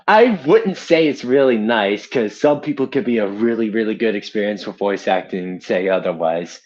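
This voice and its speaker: Dull, lo-fi audio captures a young man on a casual live stream, rambling about his amateur voice acting and putting himself down with easy laughter. His fairly low voice is a little mellow, at a moderate pace.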